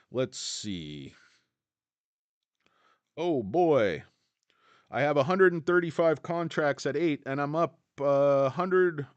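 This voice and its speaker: A man's voice: mid-range voice, no echo. A middle-aged man hosting a stock market livestream, chatting casually, reading out comments, rambling and joking with lots of fillers. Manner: excitable, jokey, rambling with many fillers.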